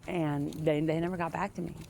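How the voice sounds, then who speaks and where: A woman vlogging as she walks home outdoors, talking frankly in a rambling way with many pauses and fillers, recorded on a phone. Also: low-pitched, fairly even intonation, creaky, dark tone, a little hiss or hum. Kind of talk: casual rambling chat while walking.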